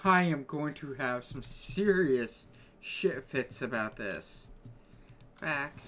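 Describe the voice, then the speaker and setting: A man's voice: medium pitch, lively intonation, slow, fairly bright tone, a little hiss or hum. A man grumbling casually to his live-stream chat while he plays a game, with exasperated little rants.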